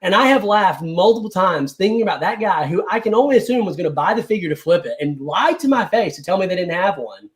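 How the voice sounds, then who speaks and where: A man chatting as a guest, telling a story in an animated, excitable way. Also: sits high, quick pace, few pauses. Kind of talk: casual chat.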